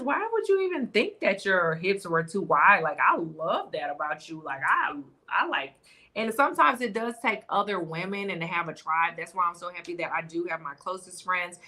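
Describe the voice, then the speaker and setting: A woman's voice: fairly low pitch, sharp tone. A woman guest on a podcast, talking in casual chat in an earnest, reflective way.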